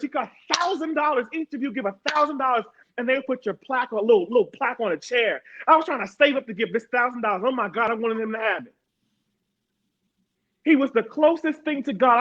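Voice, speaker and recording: A woman from Harrisburg, Pennsylvania, speaks as a panel guest in a strikingly high voice, pressing her points with emphatic repetition. The sound is dull and lo-fi. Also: a bit bright. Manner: emphatic, repeats words for stress. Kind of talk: personal testimony in a panel talk.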